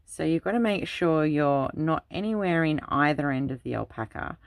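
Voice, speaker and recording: Working on a craft video, a woman craft channel host and adult parent chats casually, rambling through long anecdotes from her childhood. She speaks at a normal speed in a low-pitched, gravelly, animated voice, with no room sound.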